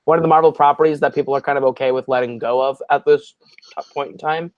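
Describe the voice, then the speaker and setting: A man's voice: medium pitch, steady tone, no echo, highs cut off. Man talking movies in a dry, close sound. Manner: easygoing, drawn-out filler words. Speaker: guest co-reviewer. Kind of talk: casual movie review chat.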